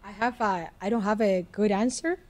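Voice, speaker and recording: A woman lecturer in a hall, fielding questions at a middling pitch. She feels her way through each answer, restarting sentences and leaning on "I mean." Her delivery is careful and academic. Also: moderate pace, a little mellow. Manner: hesitant, many restarts and "I mean" fillers.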